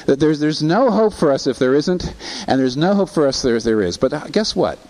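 A man preaching a sermon, asking rhetorical questions and rising in pitch on emphasis. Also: sing-song, a little fast, a little mellow. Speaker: pastor.

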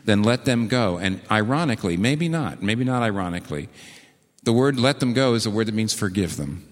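A man preaching a sermon, telling stories earnestly and slowing down to repeat key words with emphasis. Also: fairly low pitch, lively intonation, long reverb tail. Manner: earnest storytelling with slow emphatic repetitions. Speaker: pastor.

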